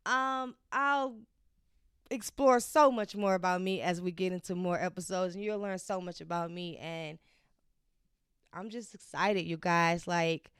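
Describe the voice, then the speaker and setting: Young woman, podcast host, casual heartfelt chat, lots of fillers, very clear voice, dry sound. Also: fairly low pitch, unhurried, a bit bright, dry recording. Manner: heartfelt, chatty, many fillers and restarts.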